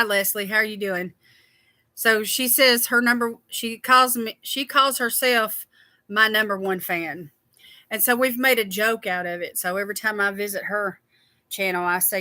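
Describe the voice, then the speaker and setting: A woman's voice: medium pitch, bright, forceful tone, no echo. A woman hosting a casual skincare livestream, chatty and tired, greeting viewers by name.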